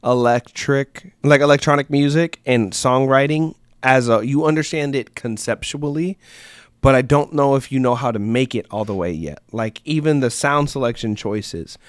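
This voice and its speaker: A man's voice: mid-range voice, moderate pace, clear, resonant tone, no room sound, clean studio sound. A man co-hosting a music review livestream, talking bluntly and laughing often. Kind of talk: casual livestream chat.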